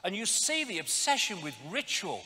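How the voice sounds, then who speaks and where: A man giving an animated, sarcastic live lecture with slides, swearing often. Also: high voice, normal speed, long reverb tail. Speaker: public speaker.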